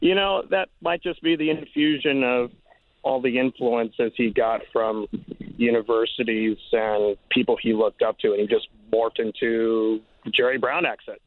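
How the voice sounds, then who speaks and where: A man calling a radio show, halting and exasperated. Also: mid-range voice, fairly even intonation, no room sound. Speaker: caller. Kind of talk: call-in opinion. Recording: phone line.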